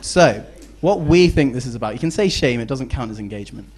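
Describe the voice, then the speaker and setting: A man's voice: mid-range voice, lively intonation, fairly quick, background noise. A young man with a British accent giving a competitive debate speech, joking and playful, often ending points with tag questions.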